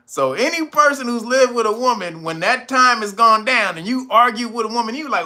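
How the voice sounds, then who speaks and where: A man's voice: very high-pitched, moderate pace, bright, forceful tone. A man hosting his own channel, talking in a casual, comedic, profane way and breaking into laughter between lines. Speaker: channel host. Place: California.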